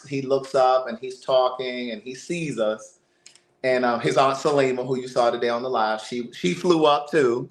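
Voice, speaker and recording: A man hosting a livestream, telling a family story in a casual, animated way, often repeating words. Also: mid-range voice. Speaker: livestream host. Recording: roomy echo.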